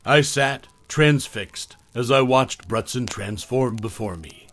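A man reading a horror story aloud as a podcast narrator, measured, sinking soft and low at tense moments. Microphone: close studio mic, dry.

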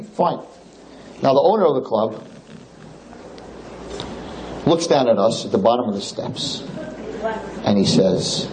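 A male rabbi tells a story during a religious lecture, his voice leaping upward whenever the story heats up. His tone is mellow and dark at mid pitch, with a faint hum of noise behind him. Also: normal speed, long pauses, rough recording. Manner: animated, pitch jumps high when excited.

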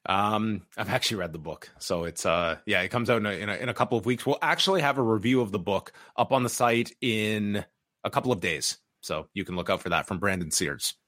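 A man co-hosting a wrestling review podcast, speaking in a measured way with frequent restarts and fillers. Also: fairly low pitch, fairly bright tone, no room sound, studio quality. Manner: measured, repeats words, many fillers. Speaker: podcast co-host. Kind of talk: casual wrestling review chat.

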